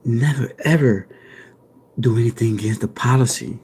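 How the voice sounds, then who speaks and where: Whispered role-play: a deep, slow, murmuring male ASMR presenter, put on by a man, soft whispery tone, mock-solemn. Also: slight background noise, natural voice.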